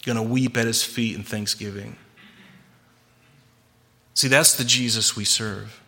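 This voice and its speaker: Bright-voiced man preaching with emphasis. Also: fairly low pitch, steady tone, a little slow. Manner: earnest, emphatic preaching with repeated restarts. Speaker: pastor. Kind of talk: sermon.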